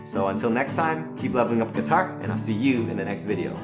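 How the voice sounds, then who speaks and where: A man teaching a guitar lesson, calmly naming the chords and counting out strum patterns. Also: fairly low pitch, fast. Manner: calm, counts out strums plainly. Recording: roomy with loud guitar music. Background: guitar playing.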